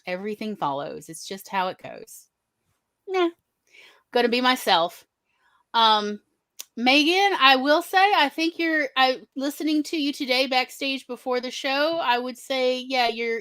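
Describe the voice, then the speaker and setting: A woman's voice: on the high side, fairly bright tone, no room sound, clean studio sound. An older woman hosting an online talk show, chatting casually and asking viewers to like and subscribe. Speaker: show host. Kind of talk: casual chat.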